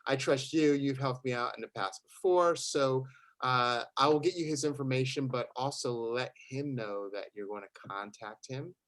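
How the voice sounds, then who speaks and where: A man with a mid-range voice talks through a practice referral call with a networking group. He sounds friendly and steady, with a few hesitations. The sound is dry and close, like a video call. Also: medium pitch, normal speed, no room sound. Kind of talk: role-play referral call.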